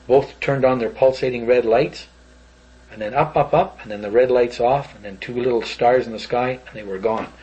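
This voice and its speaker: An older man with a husky voice at a middling pitch, rambling through a long memory in an animated way. The tape sounds dull and lo-fi, like an old interview recording. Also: normal speed. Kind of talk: recounting an old story.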